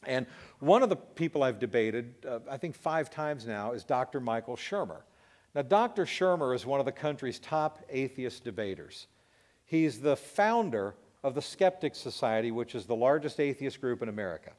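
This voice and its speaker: A man in his fifties, a talk show host, shares a personal testimony in a lively storytelling manner. He acts out sounds and drops in asides to his listeners. His voice sits at an ordinary middle pitch. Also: normal speed. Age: 50s.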